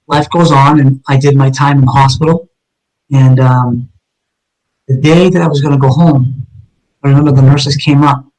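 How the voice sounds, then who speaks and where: A man's voice: medium pitch, darkish tone, rough recording. Earnest man telling a personal story. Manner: earnest, emotional recounting with frequent fillers. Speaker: guest, retired police detective.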